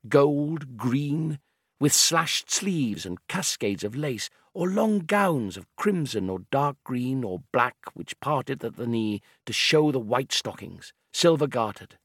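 A man reading an audiobook in a measured, calm, descriptive manner. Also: mid-range voice, slightly rough, no echo, studio quality. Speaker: narrator. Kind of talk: scripted audiobook narration.

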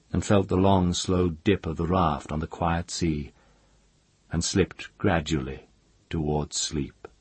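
Male audiobook narrator: measured calm reading, slow pace, very breathy, raspy texture. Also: sits low, no room sound.

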